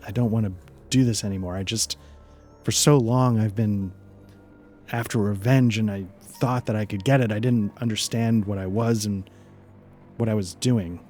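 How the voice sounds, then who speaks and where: A man's voice: on the low side, fairly even intonation, normal speed, soft background music, lightly acted. A man doing a weary, grieving male ghost. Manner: quiet, broken, pleading.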